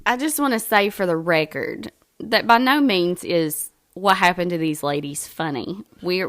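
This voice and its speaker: A woman's voice: medium pitch, fairly bright tone. A woman co-hosting a true crime podcast, reading her notes aloud and often breaking into laughter. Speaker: podcast co-host.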